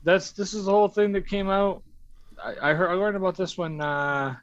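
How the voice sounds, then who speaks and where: A man's voice: high-pitched, normal speed, clean tone, no echo. A man hosting a casual stream chat, rambling through stories with a lot of swearing and laughing. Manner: rambling, profane storytelling with frequent laughs. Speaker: stream host. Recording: dull, dry stream audio.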